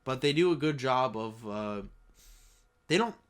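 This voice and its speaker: A man's voice: medium pitch, expressive, a little slow, clean tone. A young man co-hosting a podcast, chatting casually and swearing often. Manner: swears often, laughing asides. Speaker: podcast co-host. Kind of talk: casual chat.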